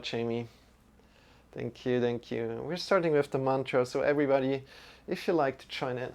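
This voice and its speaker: A man's voice: mid-range voice, gravelly. A man teaching a live-streamed yoga lesson, chatting relaxedly with viewers and leading a mantra. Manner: slow, drawn-out mantra chanting.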